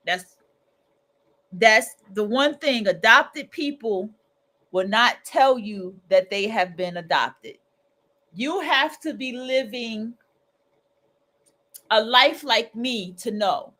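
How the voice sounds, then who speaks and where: Woman livestream host, aave, chatty and animated, slightly high voice. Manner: colloquial, animated, acts out quoted voices. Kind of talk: casual freestyle monologue.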